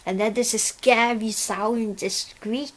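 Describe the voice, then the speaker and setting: A woman reviewing an audio drama, retelling the plot in a halting, breathless way with many restarts. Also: a little high, fairly even intonation.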